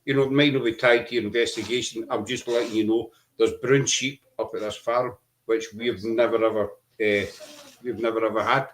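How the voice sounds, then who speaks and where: A middle-aged man hosting a podcast, telling his story earnestly over a video call, halting often with fillers. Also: on the low side, steady tone, a little hiss or hum. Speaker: podcast host. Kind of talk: casual chat.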